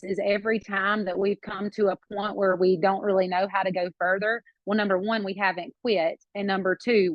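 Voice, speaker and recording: A woman's voice: medium pitch, dry recording. A woman from South Georgia with a Southern accent, sharing her story on a group call while nursing a baby, close to tears. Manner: emotional, warm-hearted sharing, near tears. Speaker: team member on a group call. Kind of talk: casual testimony on a video call. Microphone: video call. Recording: dull lo-fi call audio.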